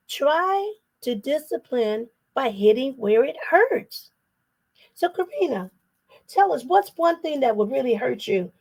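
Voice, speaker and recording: A middle-aged woman with a high voice leads a parenting talk as a psychotherapist. She tells personal stories in an animated way and acts out the voices she quotes. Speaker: psychotherapist and guest speaker.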